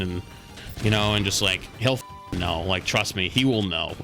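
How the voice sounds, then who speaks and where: A man's voice: on the low side, moderate pace, vocal fry, over music. A male streamer telling a story in a heated, profane, casual way.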